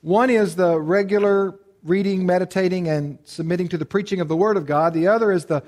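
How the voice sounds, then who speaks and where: A man with a fairly high voice teaching a church Bible class as its pastor. He asks questions and answers them himself, and he repeats his key phrases for emphasis. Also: a little fast, a little mellow.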